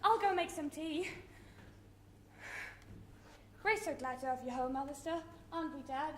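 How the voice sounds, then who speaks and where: A woman's voice: sits high, a little fast, slight background noise, lightly acted. A woman acting a doting, anxious wartime mother in a live stage play, fussing over her family. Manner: fussy, anxious, coddling. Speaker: stage actor. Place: theatre stage. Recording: echoey theatre stage from a distance.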